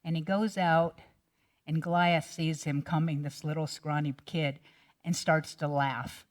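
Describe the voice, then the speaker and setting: A woman's voice: sits low, fairly even intonation, a little slow. A middle-aged woman minister retelling a Bible story in a sermon, in a casual, chatty way with many restarts.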